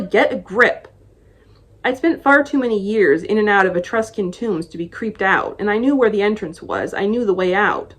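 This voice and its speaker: A woman reads a novel excerpt aloud in the first person. Her voice sits in a middle pitch, and her storytelling is expressive as she narrates the scene. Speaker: book blogger.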